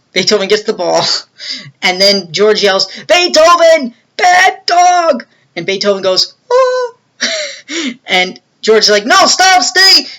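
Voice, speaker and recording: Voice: medium pitch, bright, forceful tone, rough recording. A movie reviewer casually retelling a film's plot, with many fillers and self-corrections.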